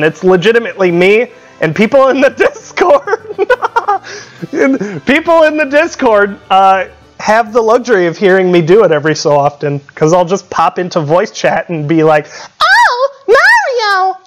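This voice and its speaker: A male streamer chatting casually and reacting with swearing and laughter. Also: sits high. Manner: laughing, profane, reacting loudly. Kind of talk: casual live-stream chat.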